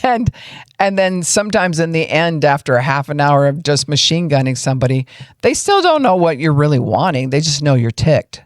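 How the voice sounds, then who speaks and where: Woman pastor-host, casual folksy teaching, lively, acts out examples; close, dry podcast mic. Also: low-pitched, normal speed, no room sound. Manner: folksy, animated, acts out what she describes.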